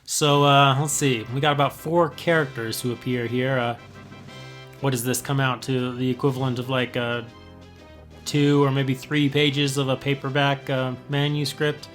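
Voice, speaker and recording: Brief: thirties guy reading his old writing aloud, stumbling and self-mocking, soft music behind. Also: medium pitch, little pitch movement. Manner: halting, many fillers, self-mocking. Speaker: video host.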